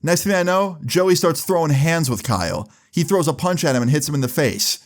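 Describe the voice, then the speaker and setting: A man's voice: fairly high pitch, lively intonation, brisk. A young man telling a storytime vlog in a casual, profane way, with lots of filler words. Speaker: vlogger.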